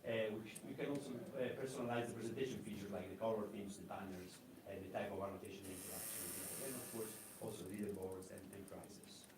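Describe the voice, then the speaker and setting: Man, halting conference presenter, low voice, echoey room, distant mic. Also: fairly even intonation, noisy background. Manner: halting, many fillers and restarts.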